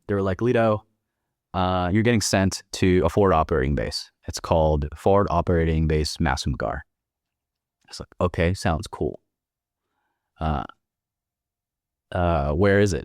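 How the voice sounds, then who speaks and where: A young man telling a casual, profane story, acting out the dialogue and jumping higher when he quotes himself. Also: no room sound, studio quality. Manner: swearing freely, acting out dialogue. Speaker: guest.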